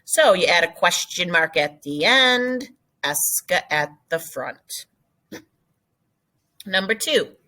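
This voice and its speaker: A woman's voice: lowish voice, animated, takes it slowly, long pauses, sharp tone. A woman teaching a recorded French lesson, explaining step by step and switching between French phrases and English.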